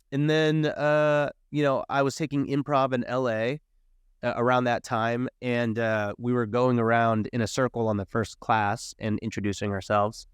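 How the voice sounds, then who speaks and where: A man in his thirties, a podcast guest telling stories in a casual, animated way and acting out quoted dialogue. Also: mid-range voice, clear, resonant tone, dry recording, studio quality. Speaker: podcast guest, real estate investor. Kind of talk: casual storytelling interview.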